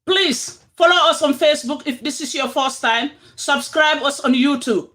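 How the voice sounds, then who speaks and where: A Gambian-accented host opening a live-streamed talk show, excitedly welcoming viewers over and over and mixing English with a local language. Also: high-pitched, moderate pace. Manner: excited, hyping, repeats welcomes.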